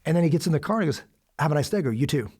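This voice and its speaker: A middle-aged American man telling a story as a guest, animated and acting out quoted lines with sudden loud bursts. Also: a little high, racing, slightly rough. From United States. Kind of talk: storytelling in a conversation.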